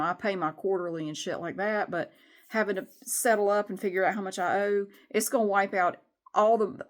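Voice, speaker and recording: A middle-aged woman, venting candidly in a rambling, frustrated way with some swearing in a casual vlog. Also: medium pitch. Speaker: vlogger.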